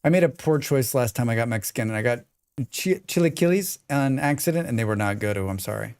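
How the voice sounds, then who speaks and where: A man's voice: mid-range voice, expressive, fast, darkish tone, clear, resonant tone. A man streaming a game and chatting casually, reading and answering viewers' messages as he plays. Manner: chatty, reads and answers viewer chat while playing. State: sneezing repeatedly. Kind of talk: casual live-stream chat.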